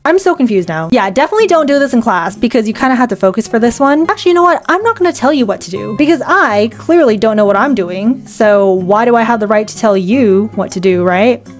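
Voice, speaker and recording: A woman's voice: fairly high pitch, expressive, a little fast, few pauses, faint music behind. A young woman chatting casually while she draws, rambling and joking at her own expense, her words a little muffled by a retainer. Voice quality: slight retainer-muffled speech. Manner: chatty, self-deprecating, rambling. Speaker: art vlogger. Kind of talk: casual drawing vlog commentary.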